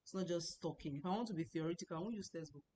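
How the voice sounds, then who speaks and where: A woman's voice: fairly low pitch, racing, mellow, slight background noise. A woman teaching an online language class, patiently repeating words and tones many times over, explaining as she goes. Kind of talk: online lesson. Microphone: computer mic, speaking to a screen.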